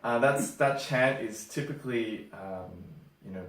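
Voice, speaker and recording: A man's voice: mid-range voice, a little slow. Easygoing young Australian man, echoey room. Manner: easygoing, laughs often, fillers. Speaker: co-host. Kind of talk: casual explainer chat. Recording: roomy, distant mic.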